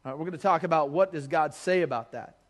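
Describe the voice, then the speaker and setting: A middle-aged pastor from Colorado, preaching with jokes and lively storytelling. His voice sits a little higher than most men's. He swings from punchy, energetic anecdotes to quiet, earnest appeals. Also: fast talker. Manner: humorous storytelling, energetic, drops low and soft for earnest appeals. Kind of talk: sermon.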